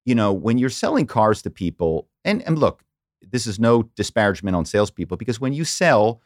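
A middle-aged man from the Philadelphia area, an animated storyteller who slips into quoted voices as a podcast guest. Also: fairly low pitch, fairly quick, dry recording, studio quality. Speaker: podcast guest, former corporate spy. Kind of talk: casual interview storytelling.

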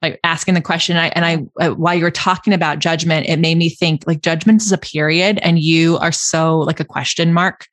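A woman's voice: deep voice, steady tone, a little fast, few pauses, no echo. A woman hosting a podcast interview, reflecting aloud in a casual way. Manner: reflective, thinking aloud with restarts. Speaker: podcast host.

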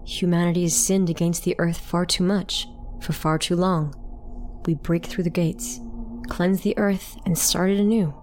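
Lady reading as creepy calm spirit guy, slow and matter-of-fact. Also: lowish voice, soft background music, close to an everyday voice. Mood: eerie calm. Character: calm, eerie possessing spirit of a young man. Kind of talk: dramatic story reading.

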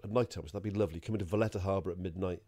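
A man's voice: low-pitched, fairly even intonation, racing, warm tone. A man, a podcast co-host, telling a rambling anecdote, swearing freely and laughing as he goes. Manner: swears freely, laughs through his story.

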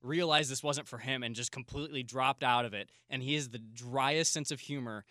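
A young man co-hosting a podcast, rambling in a laid-back way. His voice is bright and forward, recorded dry and close. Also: mid-range voice, moderate pace, dry recording. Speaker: podcast co-host. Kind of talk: casual podcast chat.

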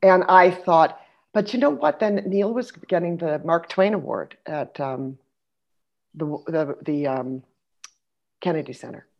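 A middle-aged woman with a low, deep speaking voice tells stories in a relaxed conversation. She gets animated and acts out the people she quotes, then drops into quiet asides. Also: unhurried, vocal fry, dull audio. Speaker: podcast guest, actress. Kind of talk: casual conversational storytelling.

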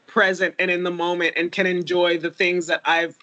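A woman's voice: fairly low pitch, flat delivery, moderate pace, pushed and bright, no room sound, dull audio. A woman from Haiti, a podcast co-host, talking candidly and tearfully about her life, with frequent laughs and restarts. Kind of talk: emotional personal conversation.

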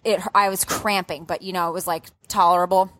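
Animated woman telling a story, dry sound. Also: a little fast, dry recording. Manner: animated, swears freely, shifts pitch a lot when telling the story. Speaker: podcast guest. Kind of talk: casual storytelling.

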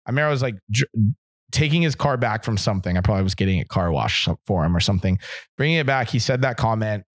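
A man's voice: on the low side, lively intonation, quick pace, no echo, studio quality. A man telling a long personal story as an interview guest, rambling with many fillers and acting out what people said. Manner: rambling, filler-heavy, acts out quotes.

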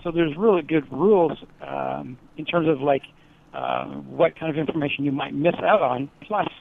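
A man's voice: fairly high pitch, moderate pace, gravelly, narrow, tinny audio. A male teacher talking earnestly in a casual interview, rambling with lots of fillers.

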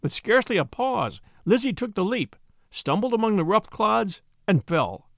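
A man narrating a classic novel in an expressive, measured storytelling manner. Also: high-pitched, vocal fry, dry recording, clean studio sound. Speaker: audiobook narrator.

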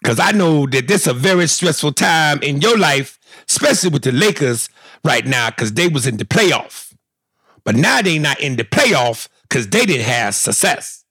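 A man doing an impression of a famous retired basketball star who talks in halting, ungrammatical sentences. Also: fairly high pitch, very animated, fairly bright tone, breathy edge, no room sound, studio quality, heavily acted. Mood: apologetic.

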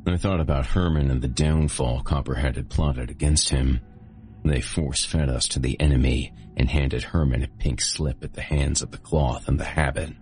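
A man hosting and narrating a horror audiobook in a steady first-person storytelling manner. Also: very deep voice. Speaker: host and narrator.

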